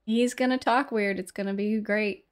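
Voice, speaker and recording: Lady playing the game, wry remarks, middle pitch, casual. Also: fairly even intonation, normal speed. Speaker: player. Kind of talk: casual tabletop play.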